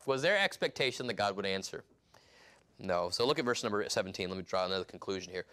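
A man preaching an expository sermon, reading scripture aloud and acting out the scenes in lively voices. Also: fairly low pitch, fast talker. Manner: animated, reads scripture aloud and acts out scenes.

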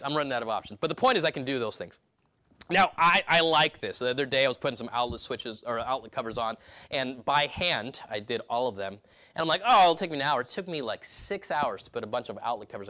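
A pastor preaching a sermon in church, emphatic, with repeated restarts and rhetorical questions. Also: male voice, mid-range voice, sharp tone.

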